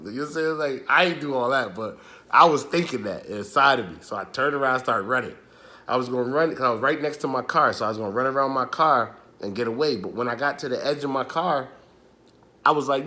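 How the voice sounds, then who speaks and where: A young man telling a true street story in casual, animated, profane slang. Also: mid-range voice, a little fast.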